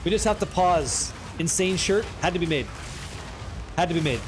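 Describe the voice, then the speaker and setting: A man's voice: high-pitched, lively intonation, moderate pace, noisy background. A man streaming a game, chatting casually with his viewers, joking and swearing freely as he reads the chat. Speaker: livestream gamer.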